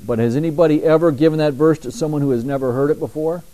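Warm-voiced male pastor preaching emphatically. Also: on the high side. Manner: emphatic preaching, slows down to read scripture. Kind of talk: sermon.

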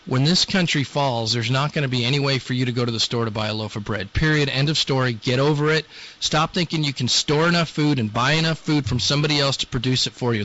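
A man's voice: medium pitch, bright, forceful tone, muffled recording. A man hosting a talk show, delivering a blunt, scolding monologue. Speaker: radio show host.

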